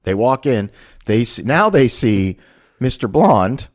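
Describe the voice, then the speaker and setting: A man's voice: medium pitch, sing-song, slow. A man hosting a casual movie review podcast, animatedly retelling scenes one by one and swearing casually as he goes. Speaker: podcast host.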